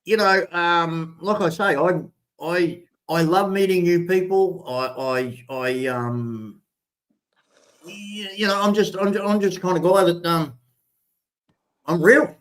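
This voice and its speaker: An older Australian man with a fairly high voice talks loosely on a livestream. He rambles and stumbles over his words, restarting sentences as he goes. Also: slow, fairly bright tone. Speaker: livestream host. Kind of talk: casual livestream chat.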